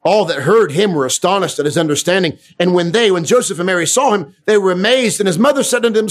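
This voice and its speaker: A middle-aged man preaching a sermon with fervour, dropping to a hush and then rising loud. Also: sits high, quick pace, few pauses. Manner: fervent, swings from hushed to loud.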